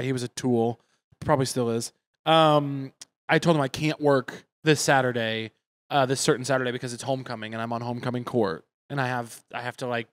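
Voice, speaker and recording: A man chatting casually as a podcast host, telling stories in a wry, blunt way with some swearing. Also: medium pitch. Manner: wry storyteller, blunt and profane. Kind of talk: casual chat.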